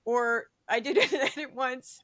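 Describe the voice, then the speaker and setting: Animated high-voiced woman, political chat. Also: measured pace. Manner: animated, mimics quotes in funny voices, laughs often. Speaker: political commentator, guest. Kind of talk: casual conversation.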